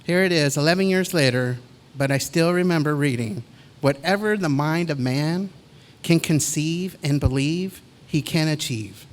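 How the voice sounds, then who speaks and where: A middle-aged man giving a commencement speech in a measured, deliberate way, with pauses between phrases. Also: a little high. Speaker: commencement speaker.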